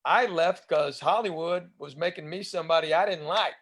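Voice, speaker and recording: A man's voice: a little high, moderate pace, a bit bright. A man in his fifties with a Southern US accent, a comedian chatting as a guest and telling rambling stories. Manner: chatty, rambling, acts out other people's lines. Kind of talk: casual anecdotal storytelling.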